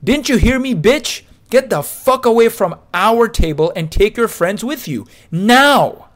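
A man voicing a timid young man, pleading and whiny, who turns to shouting. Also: a little high, lively intonation, moderate pace, gravelly, voice pushed up. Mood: yelling.

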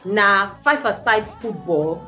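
A middle-aged woman from Nigeria with a Nigerian Pidgin accent, a studio guest giving a radio interview and telling her story in an animated way, her voice jumping up when she stresses a point. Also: medium pitch, slow pace, faint music behind. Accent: Nigerian Pidgin English.

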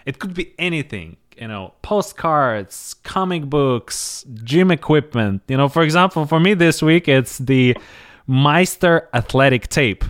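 A man's voice: a little high, expressive, clear, resonant tone, dry recording, clean studio sound. A man from Russia hosting a podcast, speaking English, friendly and chuckling as he asks questions. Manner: friendly, chuckling, with quick fillers. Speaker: podcast host. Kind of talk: casual interview.

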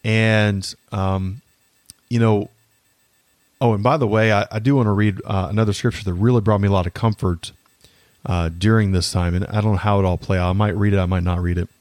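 A man in his thirties with a low-pitched voice hosts a faith-based podcast. He speaks earnestly and haltingly, with frequent fillers and restarts. The recording is close and dry, with no room echo. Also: steady tone, darkish tone. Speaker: podcast host. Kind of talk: faith-based personal reflection.

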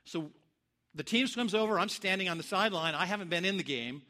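Male pastor, high bright voice, animated storytelling sermon, acts out quotes. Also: a little fast.

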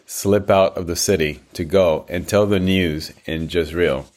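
Blunt commanding soldier, deep, forceful, read by a man. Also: steady tone, a little slow. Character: bold commanding male army commander.

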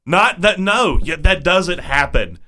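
A man's voice: high-pitched, big pitch swings, takes it slowly, pushed and bright. A man co-hosting a podcast in casual chat, amused and laughing often. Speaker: podcast co-host.

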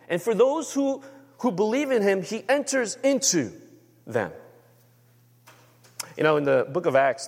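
A man's voice: on the high side, in a large hall. A man preaching a sermon as a pastor, talking conversationally and often checking with the room. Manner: conversational, asks the room for agreement.

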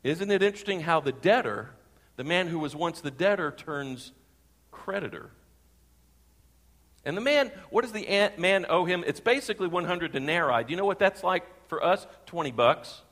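A man's voice: sits high, expressive, moderate pace, fairly bright tone, big-room sound. A man preaching a sermon with emphasis, repeating key phrases and putting questions to his congregation. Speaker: pastor.

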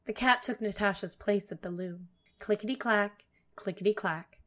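A woman narrating a fairy tale aloud, expressive and dramatic. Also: medium pitch, moderate pace. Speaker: storyteller. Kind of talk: storybook narration.

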